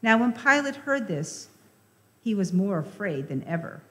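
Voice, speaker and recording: A woman lector reads scripture at a slow, deliberate pace. Her mid-pitched voice carries a long reverb from a church hall. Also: big pitch swings. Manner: measured, deliberate reading. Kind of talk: scripture reading.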